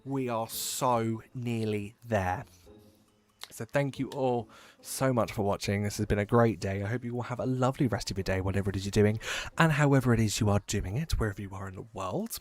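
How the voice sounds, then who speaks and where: A man's voice: lowish voice, quick pace, soft background music. A man from near London, chatting casually and rambling as he live-streams a game, swearing now and then. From England, near London.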